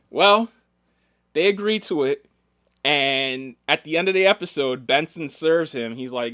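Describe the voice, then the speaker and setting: A man's voice: on the high side, moderate pace, no room sound, studio quality. A man co-hosting a casual podcast chat, telling stories with lots of swearing and acting out the people he quotes. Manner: animated storytelling, acts out quoted people, swears freely. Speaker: podcast co-host.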